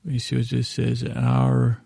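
A man with a heavily gravelly voice talks through a TV episode, loosely paraphrasing each scene with plenty of "uh"s. His delivery is flat and dark-toned. The sound is dry and close, like a podcast mic. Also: medium pitch, unhurried, no room sound. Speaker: podcast host recapping an episode. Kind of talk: casual episode recap.

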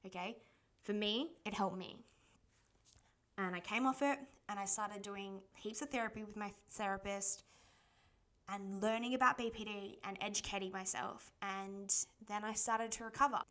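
A woman's voice: medium pitch, fairly bright tone. A woman, telling a personal story as a podcast host and quoting what others said to her in a chatty way. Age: 20s.

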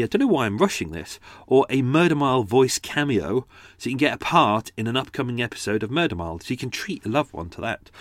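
A man's voice: mid-range voice, no room sound, studio quality. A man hosting his own storytelling show, chatting casually and self-deprecatingly to listeners, with plenty of fillers and restarts. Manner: does character accents for his stories. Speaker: podcast host and storyteller. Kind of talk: casual rambling chat to listeners.

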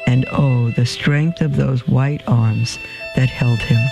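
A male radio host reading a story aloud in a measured, expressive way. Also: medium pitch, gravelly, over music.

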